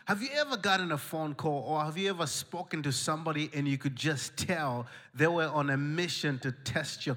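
A male pastor preaching a sermon, telling a story with humor and lively animation. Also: medium pitch.

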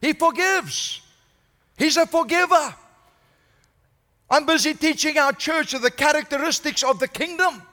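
A senior pastor preaching a sermon, building to strong emphasis and asking the congregation "Amen?". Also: male voice, extremely high pitch, a little slow, pauses often, bright, forceful tone, in a large hall. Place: church.

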